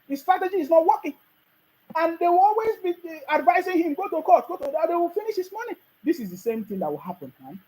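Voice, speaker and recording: A political commentator with a Nigerian accent launches into a ranting monologue, mocking his opponents, laughing often and scolding the listener. His very high-pitched voice is fast, very animated and darkish in tone, captured on a low-quality recording.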